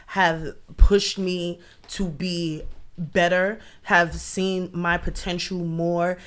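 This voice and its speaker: A podcast co-host trades casual banter. The voice sits at a middle pitch. The delivery is blunt and confident, full of quick comebacks. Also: level tone, fairly bright tone.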